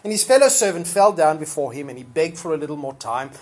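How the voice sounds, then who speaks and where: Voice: mid-range voice, sing-song, fast talker, a little mellow. A preacher delivering a sermon in an easygoing, conversational way, with frequent ums and uhs. Scripture is retold like a story, and the quoted people get acted out now and then. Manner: conversational, with fillers, acting out the quoted speakers.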